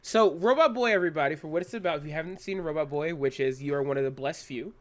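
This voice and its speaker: A man hosting a podcast in casual chat, sarcastic and animated, swearing freely. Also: fairly high pitch, quick pace. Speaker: podcast host.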